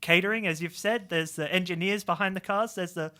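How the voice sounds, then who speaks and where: A young man co-hosting a casual radio chat, chiming in with agreeing remarks. His voice sits high and sounds bright and forceful. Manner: chatty, backs up his co-host with quick remarks. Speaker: student radio co-host.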